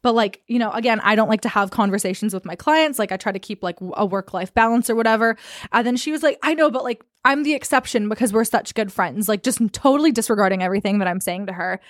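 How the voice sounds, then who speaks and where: A young woman co-hosting a podcast, telling a story in casual chat, animated and swearing as she acts out quotes. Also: a little high, fast talker, no echo, studio quality. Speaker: podcast co-host.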